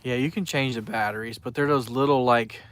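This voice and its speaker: Guy rambling on his fishing livestream, chatty, shouting out viewers, mid pitch voice. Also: fairly even intonation, fairly quick, clean tone, no echo. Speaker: fishing live streamer. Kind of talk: casual live stream chat. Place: outdoors by the water at night.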